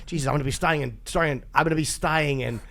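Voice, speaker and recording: Gravelly, higher-voiced man telling stories. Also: rapid-fire, fairly bright tone. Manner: rambling, self-deprecating, laughs often. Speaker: podcast host. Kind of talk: casual chat, storytelling.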